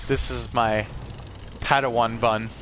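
A man's voice: mid-range voice, steady tone, slow pace, fairly bright tone, a little hiss or hum. A man hosting a live gameplay stream in a casual, chatty way, talking to viewers and reacting to the game as he plays.

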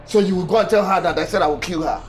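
An actor with a Nigerian accent playing an arrogant, violent husband and boss who mocks and threatens, bursting into shouts. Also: male voice, high voice, very fast, faint music behind, close to an everyday voice. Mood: raging. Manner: menacing, mocking, shouting in bursts. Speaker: abusive husband and office boss. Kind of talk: film acting.

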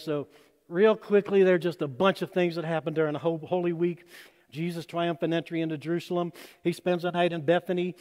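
A man preaching a sermon as pastor, telling stories and acting out voices, swinging between loud bursts and hushed lines. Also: high voice. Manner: storytelling, acts out quoted voices with sudden loud and soft turns. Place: church sanctuary. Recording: long hall reverb.

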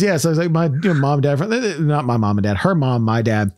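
A man from Tennessee hosting a podcast, telling a rambling, animated story and laughing often. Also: mid-range voice, a little slow, dry recording, studio quality. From Tennessee, USA. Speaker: podcast host. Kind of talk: casual storytelling chat.

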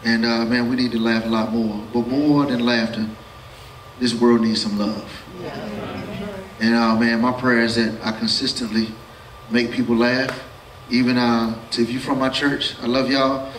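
A middle-aged man performing a stand-up comedy set, telling a story in an animated way and acting out his son in a high voice. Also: normal speed, far from the mic, slight background noise. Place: live theater stage with audience. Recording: roomy live stage sound from off mic with loud crowd. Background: audience laughter.

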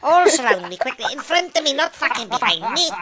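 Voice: high-pitched, sing-song, a little fast, a loud crowd. A performer voicing a bossy, foul-mouthed Welsh man who barks orders at other players in an online game, speaking into a headset mic. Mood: commanding. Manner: bossy, swearing, barking orders. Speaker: gaming video host. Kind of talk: comedic in-game role-play.

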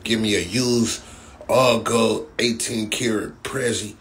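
A man's voice: on the low side, takes it slowly, fairly bright tone, a little hiss or hum. A man from Compton, hosting a casual livestream and trash-talking in a rambling, repetitive way. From Compton, California. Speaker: livestream host.

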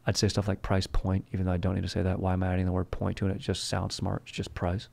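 A low-voiced man with a gravelly, fry-laden edge rambles through a comedic podcast monologue. He talks like a boastful bro salesman, dropping "dude" and "bro" at the end of nearly every line. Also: monotone, quick pace, hardly any pauses, a little mellow. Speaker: podcast host.

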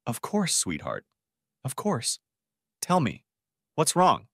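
A man's voice: mid-range voice, very animated, normal speed, no echo, clean studio sound, voice pushed up, natural voice. A man voicing an anxious young groom who speaks earnestly and pleadingly in an audiobook story.

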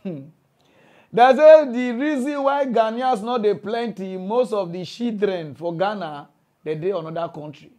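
A man with a Nigerian Pidgin English accent, giving animated comic commentary and laughing between his lines. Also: sits high, a little slow. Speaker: comedian.

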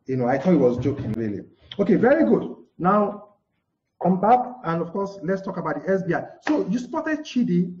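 A communication trainer teaches a live-streamed lesson, his high-pitched, dark-toned voice carried by a live broadcast mic in a dull, echoey room. He keeps saying "okay" and answers his own questions.

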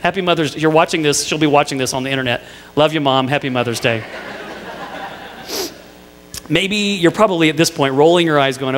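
A man's voice: a little high, brisk, pauses often, a bit bright, long reverb tail. A middle-aged male pastor preaching a sermon, telling family stories with playful asides to the congregation. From Indiana. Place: church sanctuary.

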